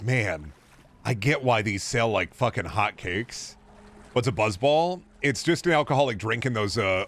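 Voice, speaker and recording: A male gaming streamer talking casually over gameplay in a mid-range voice. He rambles and swears freely, with animated bursts. The delivery is loose and conversational. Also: mid-range voice. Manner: rambling, profane, animated outbursts. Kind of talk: casual live-stream chat.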